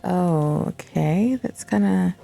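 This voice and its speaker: A woman's voice: on the low side, slow, creaky, warm tone, soft background music. A woman hosting a gaming channel, chatting casually and rambling to herself while she browses, with laid-back, profane asides.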